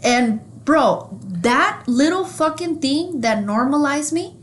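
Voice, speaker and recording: A woman co-hosting a podcast, telling stories in a casual, profane, animated way. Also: high voice, takes it slowly. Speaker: podcast co-host. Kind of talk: casual chat.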